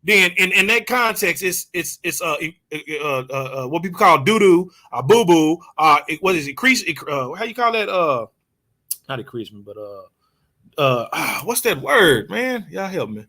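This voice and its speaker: A man telling a story in casual chat, animated and laughing, sometimes searching for words. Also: a little high, moderate pace. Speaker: co-host.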